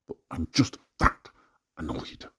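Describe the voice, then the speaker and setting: A distressed man recording an anonymous personal rant, hesitant with many fillers and breaking into agitated outbursts. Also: takes it slowly. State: distressed and frustrated. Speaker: anonymous poster venting about family life.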